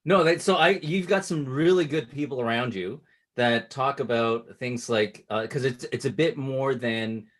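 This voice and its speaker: A man coaching a client on closing sales, explaining patiently and acting out sample pitches at different speeds. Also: moderate pace, a bit bright. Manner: instructive, shifts cadence to demonstrate pitches. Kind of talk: casual coaching call.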